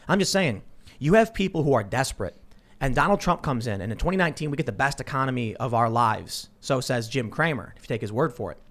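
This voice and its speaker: A man hosting a political talk show, telling stories in an animated, self-interrupting way. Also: mid-range voice. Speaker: podcast host.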